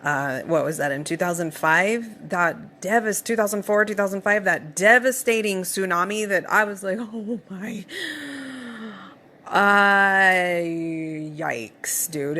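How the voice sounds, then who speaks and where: A young adult woman hosting a podcast, telling a personal story in a casual, animated way, swearing now and then and laughing through it. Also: lowish voice. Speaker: podcast host.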